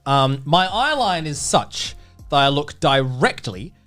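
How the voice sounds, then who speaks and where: Guy on a podcast rambling thru a story, giggly, restarts a lot, bouncy higher voice. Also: big pitch swings, slow pace, a bit bright, soft background music. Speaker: podcast guest. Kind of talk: casual podcast chat.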